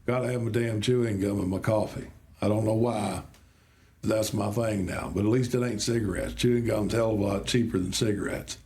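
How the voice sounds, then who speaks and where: A man chatting casually on a podcast, relaxed and plain-spoken. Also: on the low side, a little fast. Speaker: podcast host. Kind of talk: casual chat.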